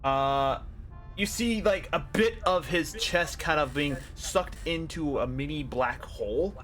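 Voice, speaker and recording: A man's voice: on the high side, measured pace, a bit bright, soft background music. A man running a tabletop game as game master, narrating casually and joking at his own expense with mild swearing.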